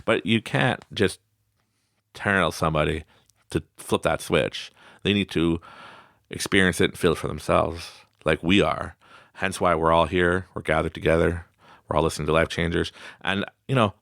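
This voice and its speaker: A man's voice: low-pitched, gravelly, a bit bright, no room sound. A man hosting a motivational podcast in a studio, talking casually, laughing often and acting out the voices he quotes. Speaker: podcast host.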